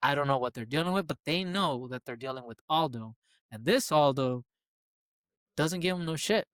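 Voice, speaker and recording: Animated man, slightly high voice. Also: normal speed, clean tone, dry recording. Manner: animated, swearing freely, repeating phrases for emphasis. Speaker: podcast co-host. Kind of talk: casual chat.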